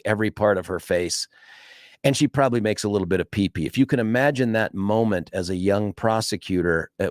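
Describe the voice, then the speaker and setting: A man's voice: on the low side, no echo, clean studio sound. A man hosting a talk radio show, telling a story in a monologue and acting out the voices of the people he quotes.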